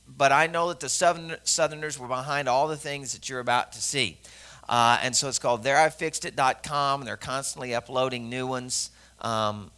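Bright-voiced joking preacher from Arkansas. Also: male voice, a little high, clean tone. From Arkansas, US South. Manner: conversational and joking, many fillers and asides to the audience. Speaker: pastor. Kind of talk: sermon.

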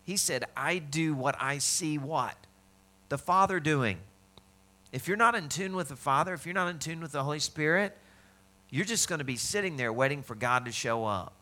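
A man preaching a sermon in a bright, forceful voice. His delivery is conversational, and he slips into the voices of the people he quotes. He sounds like a pastor speaking to his congregation. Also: on the high side, lively intonation, moderate pace.

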